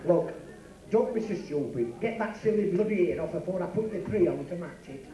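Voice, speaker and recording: A man's voice: high-pitched, expressive, a little fast, warm tone, muffled recording. A man with a Yorkshire accent working as a club comedian and compère, teasing his stage partner with brash banter. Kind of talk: live club comedy double act. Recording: echoey club recording from far off. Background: live audience.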